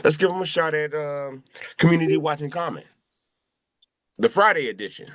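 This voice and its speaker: A man's voice: on the high side, lively intonation, normal speed, pauses often, a bit bright, dry recording. A middle-aged man telling a loose, profane story among friends, repeating his phrases as he goes. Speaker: show crew member telling a memorial story.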